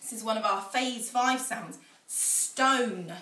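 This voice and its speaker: A woman with an English accent teaching a phonics lesson to young children, sounding out letters in a sing-song, drawn-out way. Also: a little high, fairly even intonation, bright, forceful tone. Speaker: infant school teacher. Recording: echoey room, voice a little far from the mic.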